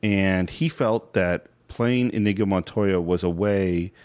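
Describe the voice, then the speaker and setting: A man's voice: sits low, takes it slowly, no room sound. A middle-aged man co-hosting a casual podcast, retelling film scenes with feeling. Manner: animated storyteller, recounts scenes and quotes lines. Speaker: podcast co-host.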